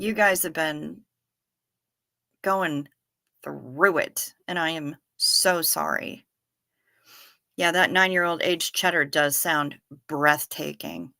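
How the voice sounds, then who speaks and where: A woman hosts a casual livestream, chatting easily with her viewers and answering their comments as they come in. Her voice is bright and forward, and she speaks at an unhurried, leisurely pace. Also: lowish voice, gravelly. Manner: chatty, warm toward viewers, reads comments aloud, apologetic asides. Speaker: livestream host reading chat.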